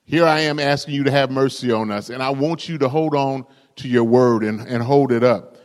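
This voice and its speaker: A man's voice: mid-range voice, normal speed, in a large hall. A male pastor preaching a rousing sermon, calling out to the congregation for responses.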